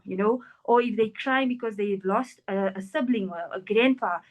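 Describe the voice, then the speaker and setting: A woman's voice: mid-range voice, moderate pace, lo-fi sound. A woman, a life coach, earnestly answering interview questions about parenting and acting out what parents and children say. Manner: earnest, animated, acts out quoted parents and children. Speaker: NLP practitioner and life coach.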